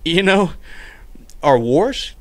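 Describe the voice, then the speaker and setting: A man's voice: on the high side, sing-song, very slow, a little mellow, no room sound. A man co-hosting a casual round-table podcast, sarcastic and laughing often as he talks. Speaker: podcast co-host.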